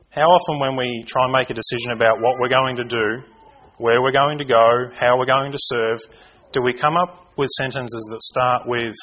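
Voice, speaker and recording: A man's voice: mid-range voice, normal speed, fairly bright tone, poor audio. A man preaching a conversational Bible sermon, informal and given to correcting himself and hunting for his place in his notes.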